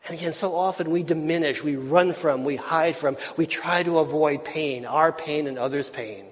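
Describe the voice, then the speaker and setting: A man preaches a sermon in a fairly high voice, building phrases through repetition and swinging from loud, emphatic declarations down to quiet, near-whispered lines. The recording is dull and lo-fi, with a long hall reverb trailing each phrase. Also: normal speed, hardly any pauses. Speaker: pastor.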